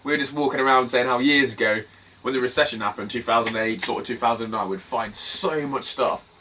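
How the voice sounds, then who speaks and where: A man's voice: medium pitch, a little fast. Chatty man telling car-boot stories. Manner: chatty, laughs often, swears casually, animated when telling a funny story. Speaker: retro game collector vlogger. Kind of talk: casual storytelling vlog. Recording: somewhat distant mic, faint ambient noise.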